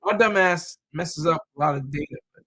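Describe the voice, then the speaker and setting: A man's voice: on the high side, a little fast, fairly bright tone. A man talking in a loose, rambling monologue, full of fillers, repeated words and restarts.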